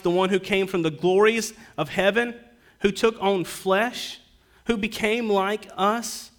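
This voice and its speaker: A man preaching a sermon as pastor, earnest, swinging between raised emphasis and hushed, quiet lines. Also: a little high.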